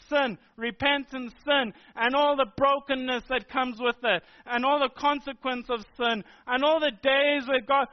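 A man with a very high voice preaches a sermon, pressing each point with repeated, emphatic phrases. The recording sounds dull and lo-fi. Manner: emphatic, repetitive preaching cadence.

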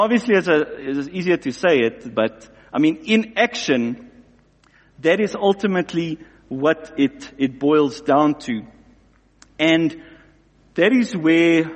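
A man preaching a sermon in an animated way, acting out both sides of everyday scenes. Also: sits high. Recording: long hall reverb.

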